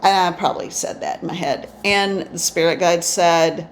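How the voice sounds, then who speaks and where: A woman's voice: lowish voice, moderate pace, a little hiss or hum. A woman medium telling her experiences in a rambling, reflective way, with many restarts. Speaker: spiritual medium. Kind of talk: instructional storytelling. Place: indoors, eyes often closed while talking.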